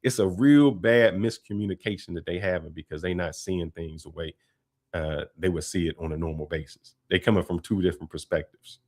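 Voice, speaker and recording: Chill guy, kinda low voice, talking over a clip on his show. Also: a little fast. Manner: relaxed, conversational, laughs often. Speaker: host. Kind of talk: casual commentary.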